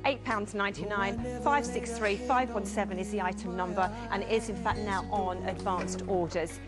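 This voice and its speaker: A woman's voice: medium pitch, fairly even intonation, moderate pace, loud music behind the voice. A woman presenting on a TV shopping channel, gushing and playful as she reads out item numbers and prices. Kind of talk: TV sales presenting. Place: TV studio.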